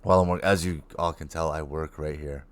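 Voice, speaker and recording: A man's voice: extremely low pitch, brisk. A man in his thirties co-hosting a casual online morning show, telling stories and laughing often. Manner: laughs often, relaxed storytelling. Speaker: co-host.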